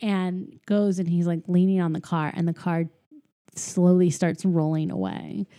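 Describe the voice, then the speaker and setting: A woman with a mellow, rounded voice recaps a film in easy conversation. She acts out each character's quotes as she goes, and her talk is full of filler "likes.". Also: on the low side, a little slow. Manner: animated retelling, acts out quoted lines, frequent "like". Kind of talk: casual movie recap chat.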